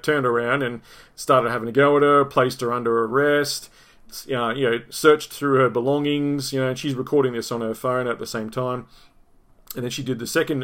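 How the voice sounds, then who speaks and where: A man's voice: mid-range voice, a bit bright. A middle-aged Australian man hosting a podcast, telling a story in a rambling, profane way, repeating words and restarting sentences. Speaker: podcast host. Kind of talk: casual storytelling monologue.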